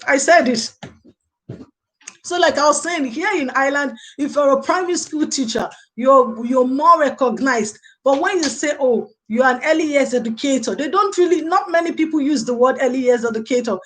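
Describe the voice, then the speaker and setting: A woman's voice: high voice, moderate pace, fairly bright tone. A woman hosting a casual live stream as a lecturer, chatting and answering viewers' comments in a rambling way, often saying "okay" and "you know". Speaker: live show host and early childhood lecturer.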